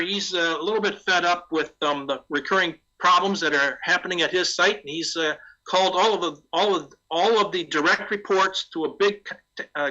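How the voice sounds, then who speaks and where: Man, conference presentation, rhetorical questions, sharp bright tone, muffled recording. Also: sits high. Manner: conversational, asks rhetorical questions. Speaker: conference speaker.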